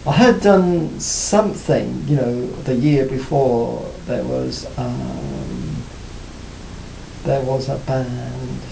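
A man being interviewed about his music career, talking reflectively with many pauses and restarts. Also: big pitch swings, creaky, dark tone. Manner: hesitant, many restarts and "you know". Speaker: interviewee, former band cellist. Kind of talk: reflective casual interview talk. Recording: roomy, faint rumble.

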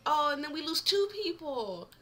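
A woman's voice: high-pitched, very animated, moderate pace, fairly bright tone. A young woman commenting casually on a game she is playing, emotional, often laughing and getting teary. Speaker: let's player.

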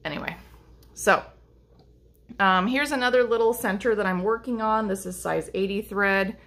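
A middle-aged woman with a mid-range, fairly bright voice talks at a normal speed. She's a lace-making vlogger and teacher chatting casually to camera while showing her crafts, rambling with plenty of ums and restarts.

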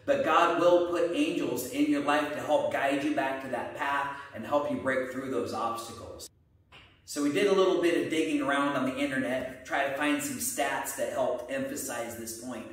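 A man, a martial arts instructor, explaining ideas in a steady, earnest way. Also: mid-range voice, normal speed. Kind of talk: casual explanatory chat. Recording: echoey room, mic at a distance.

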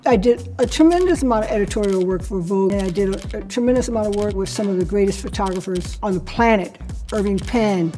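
A woman in her sixties telling her own career story to camera, lively and acting out the people in it. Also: mid-range voice, fast talker, soft background music. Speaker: interviewee recounting her career.

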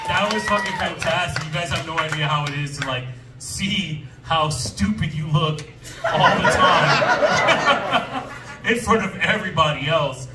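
A man's voice: on the high side, expressive, a little slow. A man doing a loose, teasing, profane stand-up set on a club stage. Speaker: comedian. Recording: roomy distant club sound with music and crowd.

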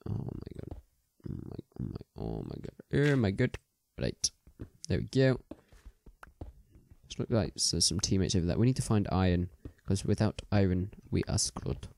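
A man's voice: lowish voice, warm tone. A young man chatting casually as he plays a game, rambling with many ums and restarts. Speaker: gaming video host.

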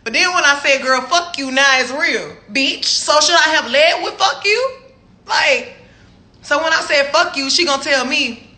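A woman, ranting on a live stream, profane and heated, slow and emphatic, breaking into laughter. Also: high-pitched, animated, pushed and bright.

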